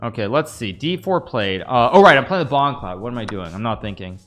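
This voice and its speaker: Here the voice is medium-pitched with lively intonation, a bit bright and slightly quick, with faint music behind it. It belongs to a man in his thirties from the US who streams chess live and rambles chattily to his chat as he plays.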